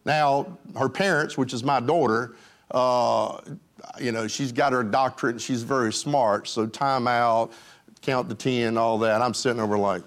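A man's voice: medium pitch, steady tone, a little slow. An older man preaching a folksy sermon, with emphatic lines and joking asides. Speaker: pastor.

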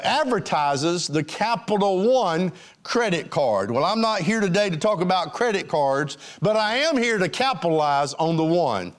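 A man preaching a sermon in a congregation, with an emphatic, rising and falling cadence and frequent fillers. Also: sits high.

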